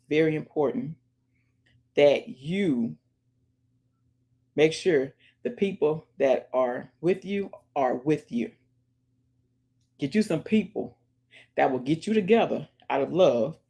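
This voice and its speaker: A woman vlogger in casual chat, giving emphatic shout-outs and calling her viewers "y'all" while she listens to music in her earphones. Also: deep voice, vocal fry. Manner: chatty and emphatic, keeps addressing viewers as y'all; preachy, urges viewers to pray and support others. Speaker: vlogger, channel host. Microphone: earphones in, listening to music while talking.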